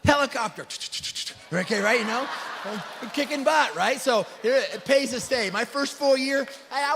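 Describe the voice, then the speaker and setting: A middle-aged man leading a motivational stage speech at a convention. He talks in punchy bursts, keeps asking "right?", and swings between loud rallying and hushed, earnest stretches. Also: extremely high pitch, vocal fry. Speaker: company leader speaking at a convention. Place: large event hall. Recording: long hall reverb.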